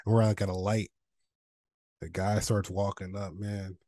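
A man's voice: deep voice, flat delivery, normal speed, dark tone, dry recording. A man on a podcast telling a travel story in a laid-back, swearing casual way. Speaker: podcast co-host.

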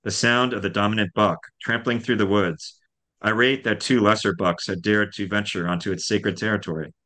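A man, the author and guest, reads a passage from his novel in a steady, measured way. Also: fairly low pitch. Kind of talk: reading aloud from his novel.

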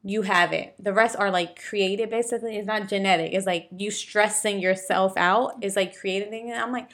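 A woman's voice: mid-range voice, fairly even intonation, moderate pace, hardly any pauses, fairly bright tone. A young woman in casual chat, speaking candidly, swearing freely and laughing often.

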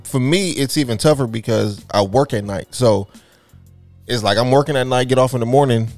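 A man's voice: mid-range voice, fairly quick, darkish tone, no room sound, faint music behind. A man talking casually as a parent, easygoing and slangy. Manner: conversational, drops into easy slang. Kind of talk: casual chat.

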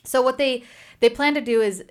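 A woman's voice: high voice, moderate pace. A woman hosting a book podcast, chatting through a story recap and acting out the quotes. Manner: chatty, animated, acts out quotes.

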